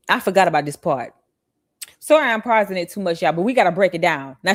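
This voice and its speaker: A woman hosting reaction commentary, animated and laughing, firing rhetorical questions at her viewers, with features. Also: fairly low pitch, quick pace, no room sound, clean studio sound. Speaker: commentary channel host.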